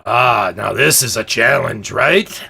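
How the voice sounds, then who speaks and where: A man's voice: medium pitch, slow pace, vocal fry, sharp tone, slightly rough, heavily acted. A man voicing a cocky young male daredevil performer in a tabletop game, boastful and eager. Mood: cocky, playful.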